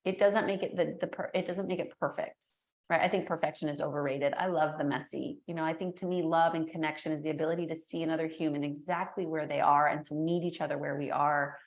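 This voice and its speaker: A middle-aged woman, a guest entrepreneur and speaker, talking in an energetic, animated way and acting out the voices in her stories. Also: low voice, quick pace. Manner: energetic, animated storyteller who acts out quotes. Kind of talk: casual interview chat. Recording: echoey room.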